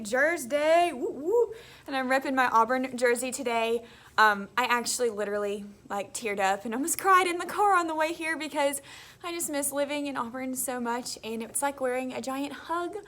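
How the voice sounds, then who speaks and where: A woman's voice: fairly high pitch, a bit bright. A young woman, an elementary school teacher talking in a casual, chatty vlog and laughing often.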